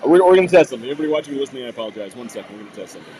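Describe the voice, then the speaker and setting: A man hosting a casual live podcast from a bar table, animated and laughing between lines. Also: medium pitch, rapid-fire, heavy background noise. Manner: animated, apologetic, laughs often. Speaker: podcast host. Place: table at a bar during an autumn beer festival.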